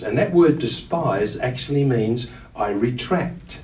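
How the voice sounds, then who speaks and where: A man preaching with earnest emphasis, his voice standing back from the microphone in a room that echoes. He draws out quoted lines and leans hard on key words, in a middle pitch for a man. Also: expressive, unhurried, darkish tone, distant mic. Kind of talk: sermon.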